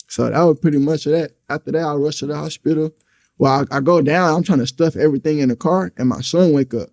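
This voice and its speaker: Dark-voiced young man telling a story. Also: on the high side, quick pace. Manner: blunt, profane, recounting events with acted quotes. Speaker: storyteller in an interview clip. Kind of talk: casual street storytelling.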